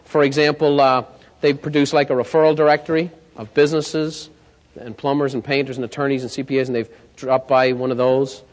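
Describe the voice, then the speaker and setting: A man with a medium-pitched voice talks a little fast as he presents a sales coaching seminar live. He's a lively storyteller who keeps checking in with the audience, and the recording carries a long hall reverb.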